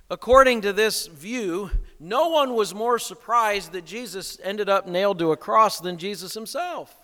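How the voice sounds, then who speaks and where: A man's voice: sits high, pushed and bright, in a large hall. A man preaching a sermon as pastor, asking rhetorical questions and stressing his points.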